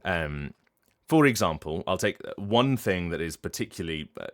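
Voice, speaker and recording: A man with a very deep voice talks casually on his livestream. As a voice actor, he explains his craft thoughtfully and often stops to restart a sentence. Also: lively intonation, normal speed. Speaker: voice actor and streamer.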